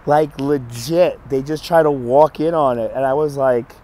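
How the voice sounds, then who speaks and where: A hoarse man who keeps coughing, telling a story on a live stream in an animated, exasperated way. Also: a little high, moderate pace, slight background noise. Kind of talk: casual storytelling to chat.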